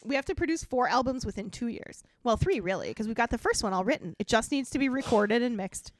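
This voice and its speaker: A woman voicing an excitable teenage boy drummer, delivered in an exuberant, hammy drawl. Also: a little high, fast, no echo, lightly acted. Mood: excited.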